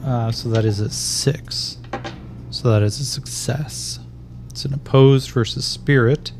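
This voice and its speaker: A man narrating a solo tabletop game as game master, calling out dice rolls in a measured way. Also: mid-range voice, steady tone, background noise.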